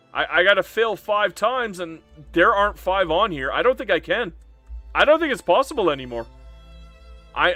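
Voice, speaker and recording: A man streams a strategy game live, talking through his plans while playfully answering chat and mock-complaining. His voice is a little high, pushed and bright, in this live-stream gameplay commentary.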